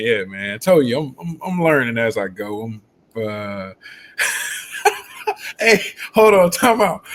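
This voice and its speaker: A male coach hosts a casual live stream. He tells stories in an animated, rambling way and laughs often. His voice sits at an ordinary pitch, and a faint noise runs underneath. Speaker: football coach and show host.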